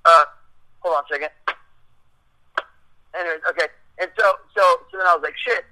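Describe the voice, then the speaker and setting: High, sharp-voiced man telling a story. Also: a little fast, rough recording. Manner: profane, rambling, acts out quotes. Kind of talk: casual storytelling.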